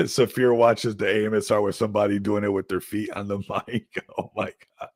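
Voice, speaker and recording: Low-ish guy rambling on his crypto livestream, all hyped and laughing, dry sound. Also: fairly even intonation, normal speed, no echo. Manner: rambling, upbeat hype talk with frequent laughs. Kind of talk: casual livestream chat.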